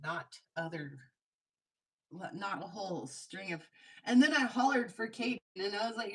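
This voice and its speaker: On a casual craft livestream, a woman makes jewelry and chats as she works, laughing a lot and poking fun at herself. Her mid-range voice is unhurried, a bit bright and slightly rough, with frequent pauses. The audio quality is poor.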